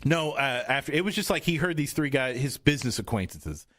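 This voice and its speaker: In a radio studio, a podcast host leads a casual chat show, his medium-pitched, a bit bright voice expressive and fairly quick. His speech rambles, often trailing off and restarting.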